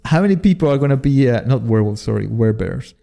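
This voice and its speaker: Speaking quickly with lively intonation, a man with a creaky, warm, mid-range voice chats over soft background music. A streamer and modpack creator, he keeps his live gameplay talk casual and self-deprecating, swearing often and laughing at himself.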